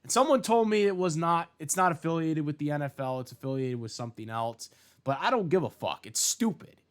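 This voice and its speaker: A man's voice: on the high side, expressive, a little fast. A young man giving a casual, profane opinion rant about sports, with many fillers and restarts. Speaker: sports commentator vlogger.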